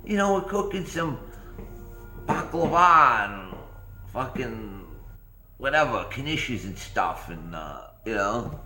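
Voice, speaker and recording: A man putting on a mocking high-pitched impression of a laid-back male head of state who swears casually. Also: big pitch swings, slow pace, pushed and bright, echoey room, soft background music, full character voice.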